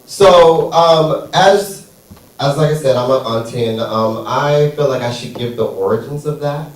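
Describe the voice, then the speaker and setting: On a theater stage, a man of medium pitch delivers a stand-up set a little slowly, drawing out punchlines with a playful, sassy attitude. The mic sits far from him in an echoey room.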